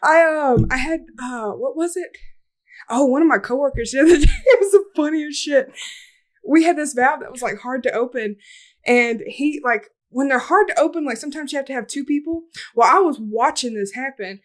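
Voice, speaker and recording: A woman's voice: sits high, normal speed. A woman co-hosting a podcast in casual chat, rambling through stories and laughing often as she talks. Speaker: podcast co-host.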